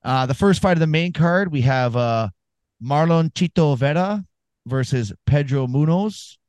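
A man's voice: on the high side, animated, measured pace, darkish tone, clear, resonant tone, no room sound. A man co-hosting a casual sports podcast, telling rambling, profane stories and giving fight picks. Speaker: podcast co-host.

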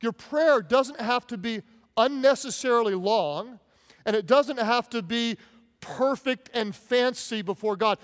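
A man delivering a sermon in a relaxed, conversational way, slipping into little voices for the people he quotes. His voice sits high for a man. The long reverb of a large church hall trails after every phrase. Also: measured pace. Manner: conversational, animated, acts out quoted prayers. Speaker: pastor.

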